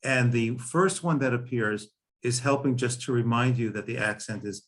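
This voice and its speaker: Man, class participant, explains theory, halting restarts. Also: medium pitch. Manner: theoretical, self-correcting.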